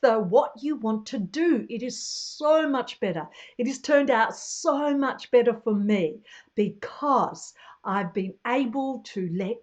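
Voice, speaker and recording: A woman in her sixties, a travel vlogger chatting to camera in a chatty, animated way and laughing often. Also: fairly high pitch, muffled recording. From Australia. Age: 60s. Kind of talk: casual chat to camera.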